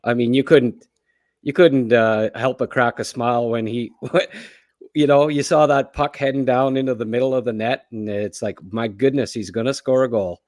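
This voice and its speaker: A man's voice: mid-range voice, moderate pace, no room sound, studio quality. Delighted hockey analyst man on a call. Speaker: guest analyst. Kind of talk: casual sports chat.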